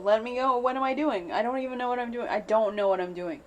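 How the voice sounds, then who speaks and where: Talking quickly at a fairly high pitch, a woman records herself on camera for an unscripted vlog. She's anxious and rambling, saying the same phrases over and over.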